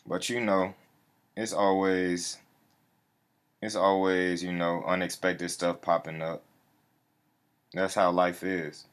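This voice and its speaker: A man's voice: sits low, level tone, slow, pauses often, smooth. A man chatting casually on a livestream, full of slang, repeating his catchphrases and calling out his viewers by name.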